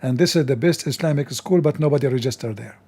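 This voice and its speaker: A male host delivers scornful commentary in broken English, full of sarcasm and insults. His voice sounds rough and strained, with a dark, mellow tone. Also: mid-range voice, quick pace. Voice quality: non-native English with broken grammar.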